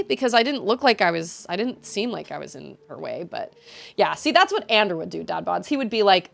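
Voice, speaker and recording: A woman's voice: mid-range voice, very animated, normal speed, gravelly, fairly bright tone. A woman streaming a game, venting in casual chat to her viewers, rambling with frequent restarts. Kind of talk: casual chat while gaming.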